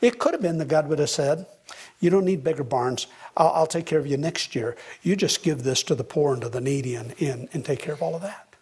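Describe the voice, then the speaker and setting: A man's voice: on the high side, brisk, a little mellow, husky. A man preaching a sermon as a pastor, earnest, his voice rising for emphasis.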